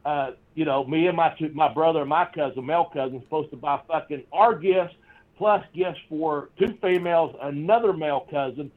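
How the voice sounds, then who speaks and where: A man with a slightly high voice tells a rambling, swear-filled story, laughing as he goes. The audio sounds dull and lo-fi. He talks casually, like a guest on a chat show. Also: moderate pace. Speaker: guest, former pro wrestler.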